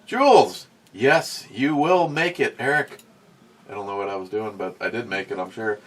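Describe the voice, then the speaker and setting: A man's voice: mid-range voice, fairly bright tone, husky. A man hosting a casual podcast, rambling through a story with many restarts and fillers, and reading out chat comments. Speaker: podcast host.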